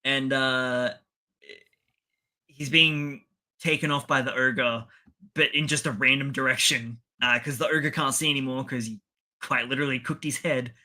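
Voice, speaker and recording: A man with a bright, forceful voice chats casually through an episode recap. He rambles, laughs often and slips into quick impressions of the characters. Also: medium pitch, steady tone. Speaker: podcast co-host.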